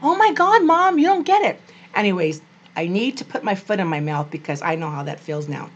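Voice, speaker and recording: An older woman vlogging about being a grandmother, telling family stories in a gushing, animated way. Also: medium pitch, fairly quick, highs cut off. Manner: animated, gushing, acts out quoted family voices. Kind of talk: personal storytelling to camera.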